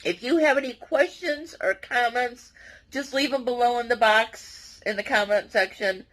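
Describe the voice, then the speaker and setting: A woman speaking directly to her viewers in a personal confessional vlog, earnest and halting, often restarting her sentences. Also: on the high side, fairly bright tone, poor audio. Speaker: vlogger.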